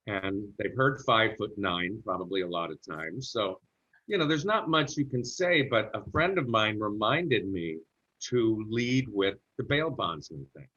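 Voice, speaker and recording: A low-voiced middle-aged man spins a relaxed, chatty anecdote about his acting career during an interview. The recording sounds a little muffled and lo-fi. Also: a little slow. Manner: chatty anecdotal storyteller who slips into character voices for quotes. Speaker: actor telling a career story.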